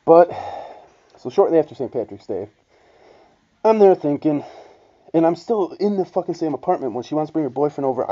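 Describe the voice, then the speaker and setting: Young guy venting his breakup story, swears a lot, real dark mellow voice, kinda muffled lo-fi audio. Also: medium pitch. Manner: profane, blunt, rambling with restarts. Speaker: vlogger. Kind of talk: casual storytelling monologue. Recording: dull lo-fi sound.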